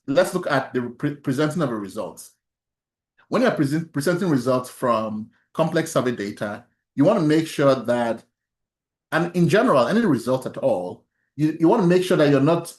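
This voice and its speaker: In an echoey room, the medium-pitched instructor runs his online statistics workshop. Soft laughter, questions aimed at students, and restarted sentences mark his lecture.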